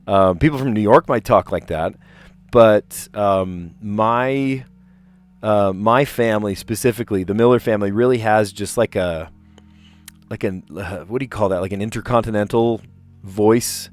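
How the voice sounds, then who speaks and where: Faint music sits behind a man with a lowish voice speaking at normal speed. He hosts a puzzle live stream, rambling in a chatty way with a light South Jersey accent and cutting off his own sentences.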